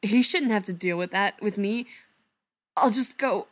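A woman's voice: medium pitch, a little slow, natural voice. A woman voicing an anguished young man in a read-aloud story, pleading and strained. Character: anguished young man in love with his brother.

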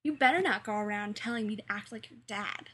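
A woman voicing an eager, impatient little boy who talks loudly and excitedly. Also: mid-range voice, a little fast, slightly rough. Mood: bossy. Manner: loud and excited.

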